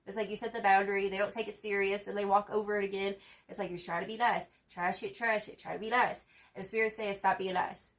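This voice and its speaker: A woman's voice: mid-range voice, little pitch movement, fast. A young woman giving a casual tarot reading, slangy and profane, hyping the viewer up with repeated catchphrases. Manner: slangy, profane and emphatic, full of fillers. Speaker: tarot reader.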